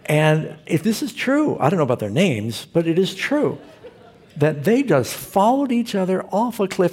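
Husky-voiced pastor preaching a sermon. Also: male voice, sits high, very animated, moderate pace, darkish tone. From Southern California. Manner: storytelling with humor, rhetorical questions to the congregation.

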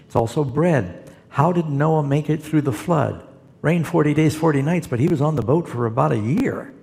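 A man's voice: mid-range voice, creaky, darkish tone, in a large hall. A man, a pastor, answering Bible questions in a folksy, storytelling way. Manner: folksy storytelling, quotes scripture. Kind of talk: conversational Bible Q&A.

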